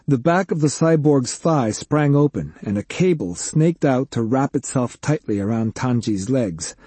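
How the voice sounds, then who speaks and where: A man reading an action story aloud as an audiobook narrator, in a steady, measured storytelling manner. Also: mid-range voice, slightly rough, dry recording. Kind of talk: scripted narration.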